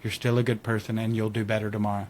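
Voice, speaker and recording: A man's voice: fairly low pitch, little pitch movement, fast, a little mellow, a little hiss or hum. A man on a podcast telling a personal story in casual chat, acting out quotes and laughing often.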